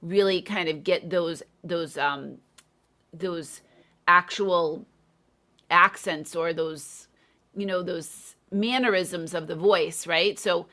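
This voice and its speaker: Bright-voiced woman hosting a chat. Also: on the low side, slow pace. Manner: thoughtful, hedging with fillers. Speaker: host, English teacher. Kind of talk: casual live interview.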